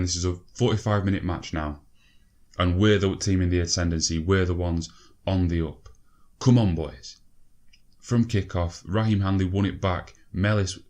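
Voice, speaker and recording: A young man with a very deep voice calls out his football management game as it plays. He gets excited, swears and talks straight to his players. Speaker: gaming video creator. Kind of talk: game commentary.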